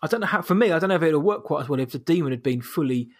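Halting man reviewing a film. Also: fairly high pitch, lively intonation. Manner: halting, many restarts and fillers. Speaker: film review podcast co-host. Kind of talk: casual chat.

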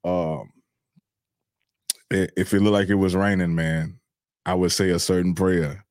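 Guy, lowish voice, rambling laid back stories, dry close sound. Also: level tone, unhurried, darkish tone, dry recording. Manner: loose, laughing anecdotes with filler words. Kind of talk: casual storytelling.

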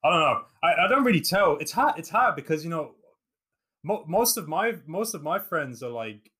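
A man's voice: a little high, very animated, moderate pace, bright, forceful tone, husky. A man in his twenties from England, raised in New Zealand, chatting casually as a podcast host over a remote call with many fillers. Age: 20s. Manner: rambling, lots of fillers and restarts. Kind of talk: casual chat.

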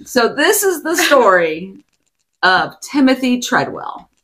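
A woman's voice: on the high side, sing-song, slow pace, a bit bright. A woman co-hosting a casual podcast, telling a story with lots of giggles. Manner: giggly, storytelling, attempts silly accents. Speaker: podcast co-host. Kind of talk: casual chat.

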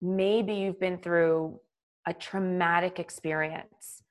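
A woman's voice: fairly low pitch, fairly even intonation, takes it slowly. Woman yoga teacher just chatting, loose and rambly, lots of like and you know. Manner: conversational, filler-heavy, acts out dialogue. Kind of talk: casual spoken talk.

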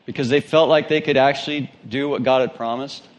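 A man's voice: mid-range voice, steady tone, brisk. A male pastor with a Southern twang, reading scripture and preaching an emphatic sermon that asks questions of the congregation.

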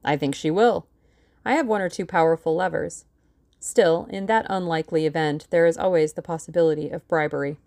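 A woman voicing a shrewd older male lawyer who speaks in a calm, dry, authoritative way. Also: sits low, a little fast, gravelly, no room sound. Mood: measured.

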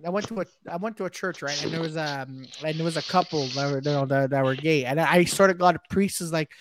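A man's voice: fairly high pitch, fast, noisy background. A man co-hosting a podcast in casual chat, telling stories animatedly with plenty of swearing and reading out viewer comments. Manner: animated storytelling, swears, acts out quoted voices. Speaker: podcast co-host.

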